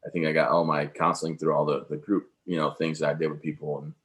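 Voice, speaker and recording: A man's voice: extremely low pitch, level tone, quick pace, fairly bright tone. A man in his thirties, an interview guest talking in an upbeat, rambling way with many fillers. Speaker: interview guest, veteran speaker. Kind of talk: casual conversational interview.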